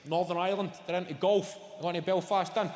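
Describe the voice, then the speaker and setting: A man's voice: high-pitched, fairly even intonation, fast, a little hiss or hum. A Scottish man doing live stand-up in a large theatre, sardonic and sweary as he teases the audience. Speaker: stand-up comedian. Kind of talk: live stand-up routine with crowd work. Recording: echoey hall, loud audience laughter.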